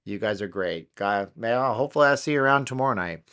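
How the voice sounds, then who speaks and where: A man's voice: lowish voice, lively intonation, quick pace, fairly bright tone, clean tone. A man hosting a casual live stream, rambling along with lots of fillers and restarts.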